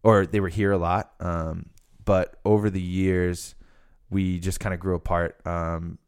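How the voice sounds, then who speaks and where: Deep-voiced chatty young man. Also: flat delivery, a little slow, darkish tone, clean tone. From Rhode Island. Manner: chatty, rambling with many fillers. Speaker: podcast host. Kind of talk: casual chat.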